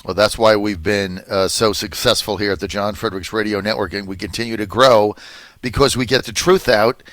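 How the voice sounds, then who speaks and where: A man's voice: lowish voice, a little fast, no echo. Emphatic male talk radio host. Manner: animated, emphatic.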